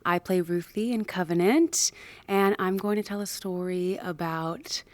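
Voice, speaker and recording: A young actress and producer tells a chatty story about mishaps during a show's production. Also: female voice, on the low side, a little slow, no room sound. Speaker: actor and producer. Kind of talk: casual anecdote to camera.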